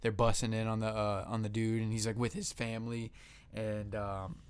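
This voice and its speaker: A man's voice: lowish voice, level tone, normal speed, clean tone. A young man co-hosting a podcast in casual chat, rambling and swearing with lots of fillers. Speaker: podcast co-host.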